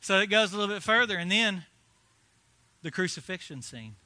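Male pastor, high bright voice, lively sermon storyteller who drops quiet then builds loud. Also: a little fast, no echo. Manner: animated, swings from hushed to loud.

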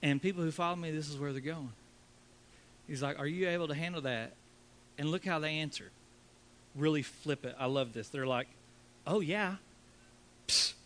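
A man's voice: a little high, moderate pace, pauses often, a bit bright. A man, preaching a conversational sermon and acting out the people he quotes. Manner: conversational preaching, acts out quotes, calls for congregation response. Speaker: pastor.

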